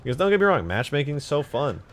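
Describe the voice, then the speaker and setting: A man casually chatting on a live stream about modding a game, excitable and profane, with sudden loud outbursts. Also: fairly high pitch, quick pace. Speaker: game modder streaming his work.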